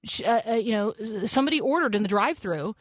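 Female radio host, energetic and rambling, dry booth sound. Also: fairly high pitch, quick pace, dry recording. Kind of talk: Christian morning radio chat.

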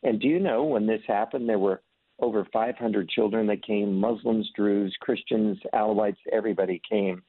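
A man's voice: fairly low pitch, steady tone, normal speed, no room sound. A man who leads a ministry, telling earnest stories in conversation and acting out the voices in them. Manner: earnest storyteller, acts out voices in anecdotes. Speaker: ministry leader. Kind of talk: conversational testimony. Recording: tinny phone line.

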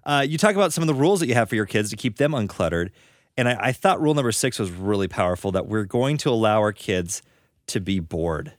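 A man hosting an interview, asking reflective questions in a friendly, halting way with frequent restarts. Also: on the low side, expressive, no echo, studio quality. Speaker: interview host. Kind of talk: conversational interview.

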